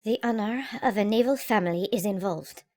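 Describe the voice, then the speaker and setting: A woman voicing a pale, distressed middle-aged male mayor in an audiobook, speaking low and pleading. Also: a little fast, dark tone, natural voice. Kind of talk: audiobook character voice.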